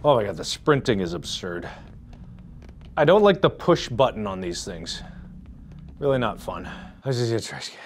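A man in his thirties doing chaotic VR game commentary on a headset mic, swinging between loud outbursts and sick, out-of-breath muttering. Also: fairly low pitch, very animated, normal speed, pauses often, a little hiss or hum. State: nauseous and out of breath. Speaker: gaming video host.

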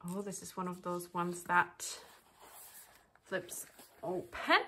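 A woman chatting casually to camera while unboxing, gushing and excitable, breaking into gasps and laughs. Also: lowish voice, slow, a little hiss or hum. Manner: chatty and rambling, with fillers and restarts. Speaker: vlogger.

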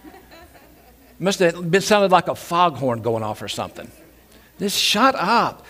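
A male pastor preaching a sermon in a church, animated and repeating his phrases, now and then acting out loud shouted quotes. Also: a little high, unhurried. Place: church sanctuary.

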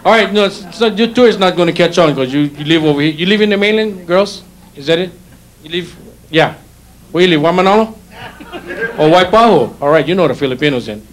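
On a hotel showroom stage, a middle-aged comic with a Hawaiian Pidgin accent talks quickly in an animated, high voice, ribbing people in the crowd as part of his stand-up set. Audience laughter and noise run through the live recording.

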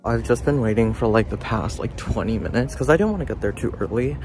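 A man's voice: on the low side, animated, a little fast, few pauses, darkish tone, slight background noise. A young man in his twenties chatting casually for his vlog, bubbly and gushing, with lots of filler words. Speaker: YouTuber.

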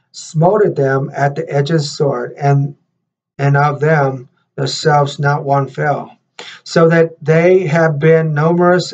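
A man, a minister and host, leading prayer and reading scripture in a halting way, repeating words with many fillers. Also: fairly high pitch. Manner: reads scripture slower and louder. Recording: dull lo-fi recording.

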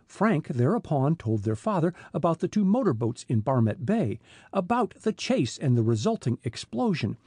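Male audiobook narrator, expressive, husky warm tone. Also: fairly high pitch, dry recording. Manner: expressive storytelling.

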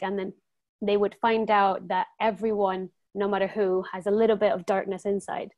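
Woman, student presenter, earnest, measured, video call. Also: medium pitch. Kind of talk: presenting a campaign pitch.

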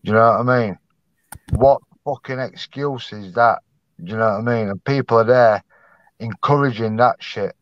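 A man's voice: mid-range voice, moderate pace, no room sound, lo-fi sound. A man ranting angrily in commentary, swearing hard and often asking "do you know what I mean".

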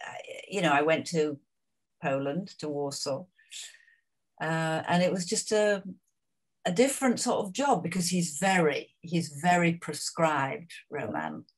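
An older woman with a notably low, deep voice, telling stories from her career at an easy conversational clip. She wanders into asides and fillers, chatty and unhurried. Her tone is frank and anecdotal. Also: lively intonation. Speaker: actress interviewee. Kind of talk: reflective career interview.

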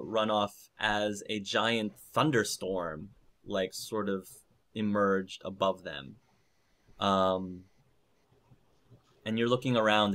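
A man's voice: fairly low pitch, fairly bright tone. A man narrating a tabletop game as game master, hesitant, with many fillers.

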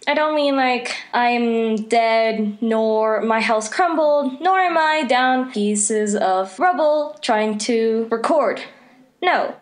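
A woman's voice: a little high, slow. Teenage girl telling her own story. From Mexico. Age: teens. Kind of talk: personal story narration.

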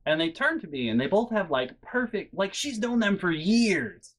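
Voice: mid-range voice, sing-song, moderate pace. A vlogger telling a casual story from their bedroom, rambling with many fillers, swearing freely, and sounding exasperated and incredulous. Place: bedroom at home.

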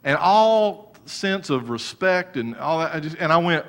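A middle-aged man preaching a sermon as pastor, telling a story with sudden loud rises and soft, low passages. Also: animated, normal speed, hardly any pauses.

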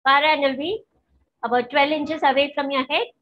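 A woman leading a guided healing practice, gentle and instructive, often checking that her listeners follow. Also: high-pitched, steady tone, a little fast. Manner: gentle, instructive, asks for confirmation. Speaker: spiritual teacher. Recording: dull, lo-fi.

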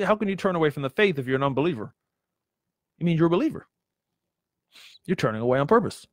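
Guy preaching a sermon, kinda high voice, dry close sound, keeps hammering the point w questions. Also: very animated, quick pace, pauses often, no room sound. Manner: emphatic, repeats himself, asks the listeners rhetorical questions.

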